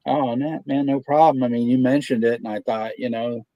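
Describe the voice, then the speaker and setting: A man's voice: medium pitch, level tone, moderate pace, dark tone, no room sound, lo-fi sound. A man hosting a movie watch party stream, chatting casually and telling stories in a laid-back, profane way. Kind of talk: casual chat.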